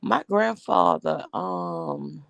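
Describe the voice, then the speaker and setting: A woman's voice: on the low side, drawn-out words, vocal fry, dry recording. A woman hosting a casual live stream, telling stories bluntly and with profanity as she greets viewers.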